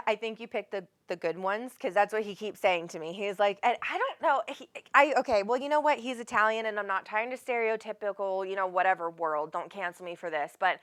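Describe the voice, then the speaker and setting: A woman's voice: medium pitch, a little fast, few pauses, fairly bright tone. A woman hosting a live psychic reading, chatty and rambling, often calling people honey. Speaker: psychic medium host.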